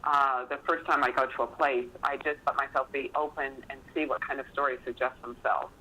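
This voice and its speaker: A man as a guest author, answering interview questions in a relaxed, thoughtful way. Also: medium pitch, a little fast, lo-fi sound.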